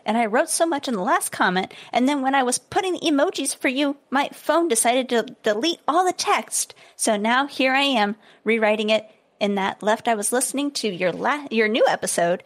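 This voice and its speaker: A young woman co-hosts a casual podcast and reads listener reviews aloud. She laughs often and adds playful asides. Her voice sits fairly high. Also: expressive, moderate pace.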